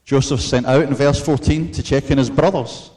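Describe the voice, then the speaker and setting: A man preaching a sermon in an earnest, measured way, mixing in storytelling asides. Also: mid-range voice, warm tone.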